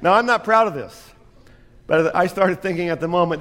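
A man's voice: high-pitched, normal speed, fairly bright tone, long reverb tail. A man preaching a sermon as pastor, telling a story with self-deprecating humor.

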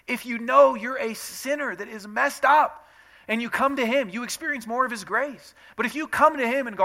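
A pastor preaches in a loose, conversational way, speaking in a bright, ringing voice. He drops to a hush for acted prayers and then rises to loud emphasis, with a fairly high pitch for a man throughout. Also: animated, a little fast, creaky. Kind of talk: sermon.

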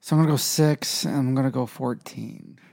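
A man's voice: medium pitch, moderate pace, vocal fry, a little mellow. A man co-hosting a casual movie review chat, tossing out short blunt quips and questions.

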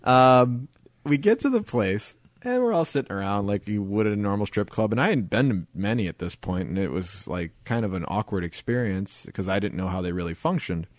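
Lively male podcast host telling a story. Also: lowish voice, fairly quick. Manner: animated, laughing, acts out quotes. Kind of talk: casual storytelling chat.

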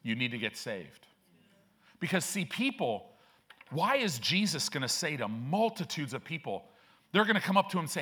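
A man's voice: on the high side, sing-song, moderate pace, sharp tone, breathy edge. A male pastor preaching a sermon in a conversational, slangy way, acting out quoted characters with a shifting voice. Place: church sanctuary.

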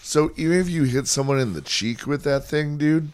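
A man's voice: on the high side, normal speed, clear, resonant tone, no room sound. A man co-hosting a podcast, telling stories in casual, profane chat. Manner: profane, animated storyteller. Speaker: podcast co-host.

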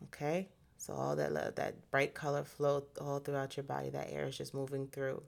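A woman leading a slow guided breathing meditation in a calm, soothing voice. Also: extremely low pitch, creaky.

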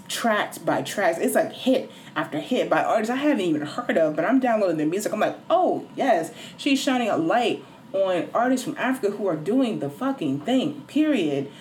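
Animated, dramatic woman ranting to camera. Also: slight background noise. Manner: animated and dramatic, swearing, sudden high squeals. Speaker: vlogger reviewing an album. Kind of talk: casual excited rant to camera.

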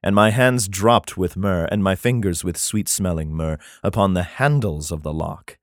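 A man's voice: low-pitched, normal speed, dry recording, clean studio sound. A man reading an old text aloud and breaking off into crude, mocking asides and laughter. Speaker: reader giving comic commentary.

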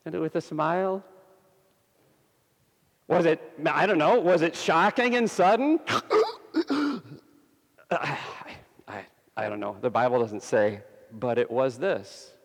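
A male pastor delivers a sermon at a very slow, deliberate pace, leaning on each phrase with long pauses. His voice sits a little high and has a gravelly edge. The long reverb of a church hall trails behind every word. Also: expressive.

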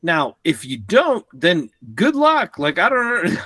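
Husky-voiced man in lively casual chat. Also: sits high, slow pace. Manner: animated, profane, acts out quotes with shouts.

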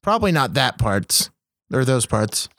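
A man's voice: mid-range voice, big pitch swings, measured pace, a bit bright, no room sound, studio quality. A man co-hosting a podcast, chatting casually about a movie with sarcastic, profane jokes. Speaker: podcast co-host. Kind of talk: casual movie review chat.

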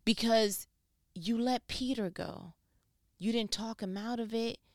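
Woman doing casual bible teaching, higher voice, really animated and slangy, acts out the characters. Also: a little slow, no echo, clean studio sound.

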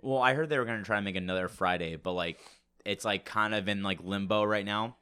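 A man's voice: lowish voice, brisk, bright, forceful tone, clean tone. A young man in casual podcast chat, rambling with many fillers.

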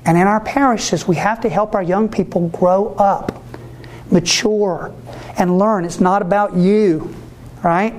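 A man who is a Catholic priest, giving a sermon-style talk to ministry workers in an animated way, acting out the voices he quotes and often asking listeners whether they follow. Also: high-pitched, measured pace, slight background noise. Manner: asks the audience for agreement.

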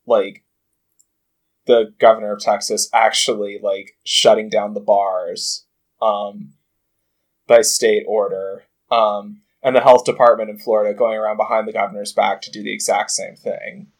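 Man talking haltingly on a podcast. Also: on the low side, little pitch movement. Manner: halting, many fillers and restarts, profane. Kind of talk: casual podcast chat.

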